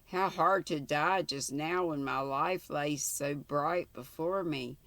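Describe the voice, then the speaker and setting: Slow, gravelly older woman reading a story. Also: low voice, fairly bright tone, dry recording. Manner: slow, measured, plain reading with small slips. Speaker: channel host, story reader.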